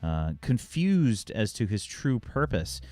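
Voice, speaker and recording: A man acting as game master, recapping the story with many pauses and fillers. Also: lowish voice, sing-song, warm tone, no room sound. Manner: halting recap, many ums and uhs. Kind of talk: narrating a tabletop game.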